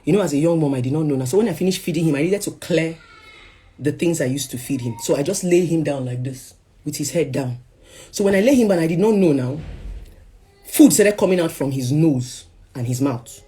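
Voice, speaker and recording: A woman's voice: low-pitched, lively intonation, brisk. Dramatic Nigerian woman telling her story. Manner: dramatic storytelling, swinging from hushed to loud. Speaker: speaker sharing a personal story. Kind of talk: emotional personal testimony.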